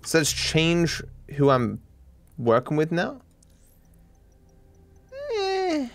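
An Australian man livestreaming a video game, joking deadpan as he plays. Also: on the high side, slow, creaky, no room sound. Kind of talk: casual game commentary.

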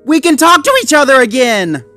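A man's voice: high voice, lively intonation, unhurried, soft background music, voice pushed up. A man voicing an earnest, eager young male dog.

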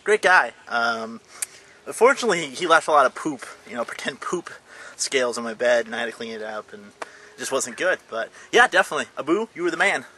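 A man's voice: medium pitch, expressive, a little fast, sharp tone, slight background noise. A young adult man chatting casually in a daily vlog, goofy and rambling. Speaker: vlogger.

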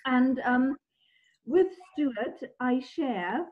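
A woman's voice: high-pitched, lively intonation, extremely slow. Woman on a tinny call line. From Germany. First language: German. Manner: enthusiastic, descriptive, frequent ums. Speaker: guest wine expert. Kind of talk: conversational video discussion. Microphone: video call.

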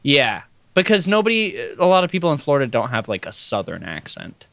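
A young man chatting on a podcast, thinking out loud and hedging with fillers and unfinished sentences. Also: mid-range voice, wildly swooping pitch, brisk, creaky, no room sound. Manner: thoughtful, hesitant with fillers and trailing sentences. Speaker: podcast co-host. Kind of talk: casual chat.

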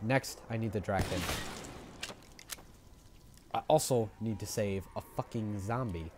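A young man giving live commentary over his own gameplay, excitable, swearing, rambling and repeating himself as he plays. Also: fairly low pitch, a little slow, background noise.

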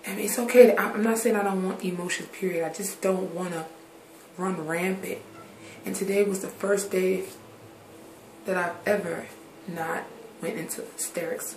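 A woman's voice: mid-range voice, fairly even intonation, moderate pace, a little mellow, slight background noise. A grown woman vlogging candidly to her viewers. She drifts from subject to subject and swears casually. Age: adult. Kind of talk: candid personal vlog talk. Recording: roomy echoey recording.

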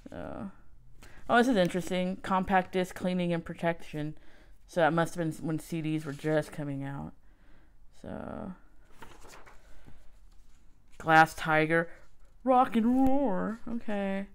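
A woman hosting a casual podcast, reading through an old music magazine and commenting wryly, with self-mocking asides and excited exclamations. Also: on the low side, unhurried, long pauses, smooth. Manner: wry, self-mocking, exclaims over finds. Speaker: podcast host.

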